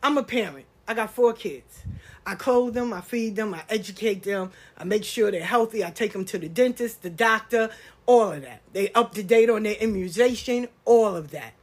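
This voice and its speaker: A middle-aged woman, hosting a podcast in a blunt, animated casual monologue and swearing freely. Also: mid-range voice, moderate pace. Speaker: podcast host.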